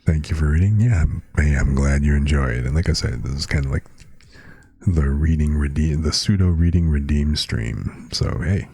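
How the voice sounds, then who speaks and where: A man's voice: extremely low pitch, moderate pace, vocal fry, warm tone, husky. A man streaming live, chatting casually with viewers and reading out words with their definitions.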